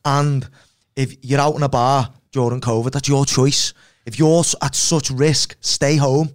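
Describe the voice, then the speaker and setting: A man's voice: medium pitch, level tone, measured pace. A man, a fighter guest on a podcast, making his points bluntly and repeating them insistently. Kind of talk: casual chat.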